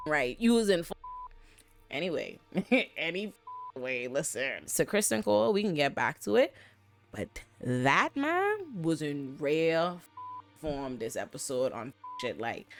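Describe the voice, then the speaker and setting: A woman hosting a casual TV recap, talking in an animated and profane way with sudden jumps in pitch. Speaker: TV recap host.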